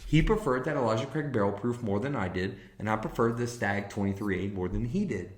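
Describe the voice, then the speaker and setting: A man's voice: fairly low pitch, lively intonation, brisk, roomy sound. A man hosting a casual whiskey live stream, enthusiastic and swearing freely as he talks to viewers in chat. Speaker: whiskey livestream host.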